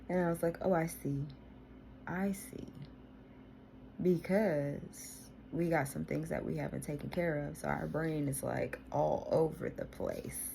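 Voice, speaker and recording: Low, gravelly woman venting casually. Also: slight background noise. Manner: animated, exasperated, swears freely. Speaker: vlogger. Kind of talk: casual diary-style venting.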